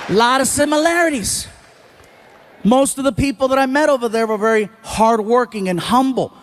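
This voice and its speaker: High-voiced man doing stand-up. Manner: animated storytelling, talks to the crowd. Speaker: stand-up comedian. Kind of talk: stand-up comedy.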